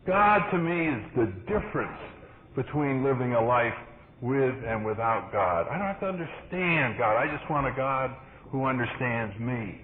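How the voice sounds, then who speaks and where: A man's voice: mid-range voice, animated, moderate pace. A man giving earnest personal testimony at a recovery meeting, telling his story and acting out the dialogue. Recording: tinny, hissy vintage tape recording.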